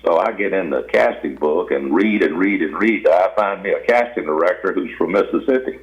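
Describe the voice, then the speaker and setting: A man's voice: sits low, moderate pace. An older man with a Southern US accent, a guest actor telling folksy, rambling stories in an interview. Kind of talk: storytelling interview. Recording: dull lo-fi radio audio.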